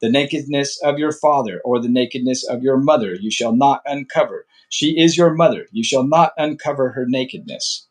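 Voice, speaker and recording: Guy reading bible passages out loud, steady, trips on words sometimes and restarts, chats a bit in between. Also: mid-range voice, moderate pace, hardly any pauses. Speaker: Bible reader. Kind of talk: reading scripture aloud with casual asides.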